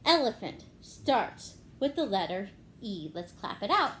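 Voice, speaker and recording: A woman teacher giving a gentle phonics lesson to young children, clapping out words syllable by syllable. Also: mid-range voice, sing-song, measured pace, very noisy.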